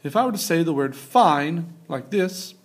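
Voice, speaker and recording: A man's voice: on the high side, lively intonation, unhurried, breathy edge. A young adult man giving a casual recorded geography lecture over slides, talking loosely with many fillers and restarts. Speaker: teacher.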